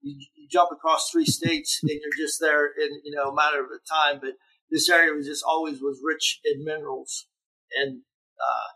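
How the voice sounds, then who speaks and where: A man's voice: a little high, animated, moderate pace, vocal fry, sharp tone, husky, poor audio. A man from eastern Ohio with a Pittsburgh-area accent, talking in an easygoing, rambling way as a guest in an interview. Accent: Pittsburgh-area (Yinzer). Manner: rambling, easygoing, many fillers. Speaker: guest musician. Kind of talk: casual interview chat.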